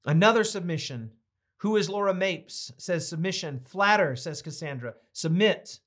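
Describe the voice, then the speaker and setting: Leading a Bible study, this middle-aged male pastor has a fairly high voice with a rather bright tone. His preaching carries conviction before he turns chatty and playful to read viewer comments aloud.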